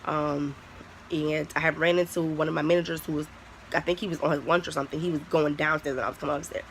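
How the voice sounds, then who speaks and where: A young adult vlogger talks straight to camera in a loose storytime style, blunt and full of swearing. The voice has a gravelly, creaky edge and sits in a middle pitch. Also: fairly even intonation, fast talker, fairly bright tone, slight background noise, poor audio. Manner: candid, profane, heavy use of "like". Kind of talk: casual storytime vlog.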